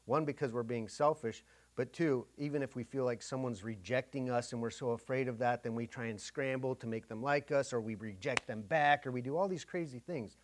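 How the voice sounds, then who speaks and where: A middle-aged pastor preaching a conversational sermon, often acting out inner dialogue. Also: male voice, mid-range voice, fairly quick, slight background noise.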